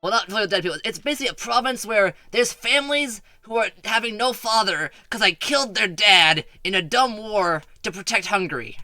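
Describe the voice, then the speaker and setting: A man's voice: high voice, expressive, fairly quick, hardly any pauses, pushed and bright, no echo. A man streaming a strategy game, rambling and stuttering often as he chats with his viewers. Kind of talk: casual gameplay commentary.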